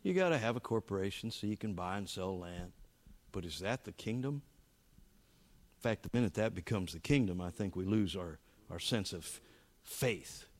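A man preaching a sermon, telling a story with animated emphasis and halting restarts. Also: low-pitched. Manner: halting restarts and repeated words. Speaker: pastor.

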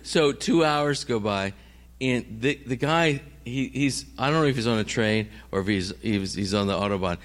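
A man's voice: mid-range voice, normal speed. A middle-aged man, a missionary preacher, telling a story in a sermon and acting out every voice in it.

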